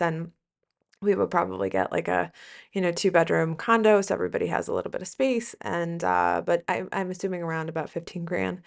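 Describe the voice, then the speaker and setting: A woman's voice: mid-range voice, vocal fry. A woman hosting a podcast, talking casually in a rambling, chatty way with lots of fillers and self-corrections. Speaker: podcast host and business coach for nurses.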